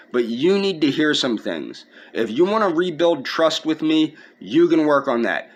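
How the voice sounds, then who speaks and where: A man in a personal video rant, aggrieved and indignant, repeating his points. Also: medium pitch. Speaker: vlogger.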